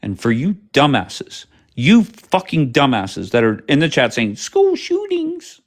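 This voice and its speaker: A man's voice: medium pitch, big pitch swings, a little slow. A man hosting a live stream, talking casually with heavy swearing and a combative, sarcastic manner. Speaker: livestream host. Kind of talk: casual profane livestream chat.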